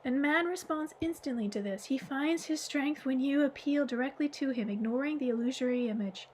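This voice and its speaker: A woman reading the part of a gentle, wise old man in an audiobook, explaining calmly and patiently. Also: high voice, fairly quick, slight background noise, close to an everyday voice, low-quality recording.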